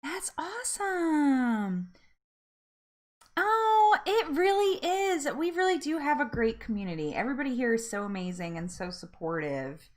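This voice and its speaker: A woman's voice: high voice, very animated, measured pace. A young woman hosting a casual live-stream chat, greeting viewers and laughing often in an upbeat way. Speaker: host of a live weight loss support chat.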